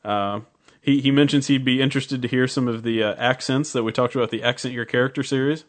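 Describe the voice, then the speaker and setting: A man chats casually as a podcast co-host, his pitch sitting right in the middle for a man. He reads listener emails aloud and often stumbles and restarts his sentences. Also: steady tone, quick pace. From United States.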